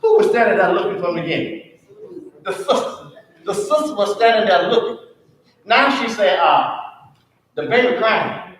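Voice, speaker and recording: A man's voice: high-pitched, animated, moderate pace, pauses often, fairly bright tone, a little hiss or hum. Guy teaching sunday school, asks the class questions, far off in an echoey church. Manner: call-and-response questioning. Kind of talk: church Bible lesson.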